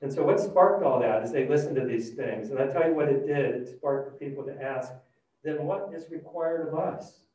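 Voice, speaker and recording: A man preaching a sermon, retelling a scripture story with animated, dramatic shifts between loud and hushed delivery. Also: medium pitch, a little fast, few pauses. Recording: distant, dull and very echoey.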